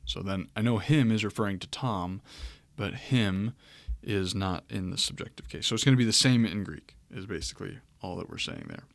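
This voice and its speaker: A man teaching Greek grammar in a relaxed, explanatory way as he walks through a screen-share lecture, with frequent fillers. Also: low-pitched, normal speed, vocal fry, hardly any pauses, no echo.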